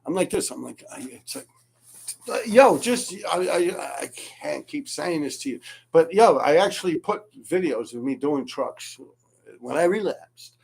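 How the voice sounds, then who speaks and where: New York man, gravelly and a bit high, animated profane storyteller. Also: a little slow. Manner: animated, profane, laughs often. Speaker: graffiti writer telling stories. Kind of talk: casual storytelling.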